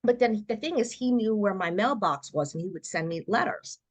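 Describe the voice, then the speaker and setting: A woman's voice: medium pitch, moderate pace. Woman telling her story, acting out quotes. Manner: animated storyteller who acts out quoted voices. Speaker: guest. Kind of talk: personal storytelling interview.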